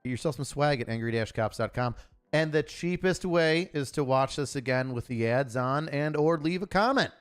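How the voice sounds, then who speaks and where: A man hosting his own live stream, talking casually in a loud, crude, joking and rambling way. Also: on the high side, expressive, moderate pace, clean tone, soft background music. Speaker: channel host.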